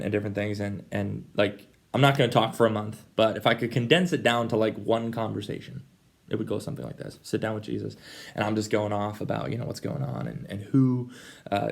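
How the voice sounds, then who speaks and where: A man's voice: fairly low pitch, vocal fry. A young man hosting a casual devotional vlog, talking animatedly and acting out both sides of conversations. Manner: animated, acts out dialogue with voices. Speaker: vlogger.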